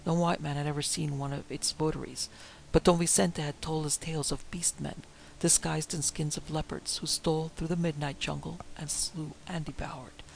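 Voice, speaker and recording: A man reading an adventure story aloud as narrator, in a dramatic, measured way. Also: a little high, flat delivery, vocal fry, slight background noise, poor audio. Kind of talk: audiobook narration.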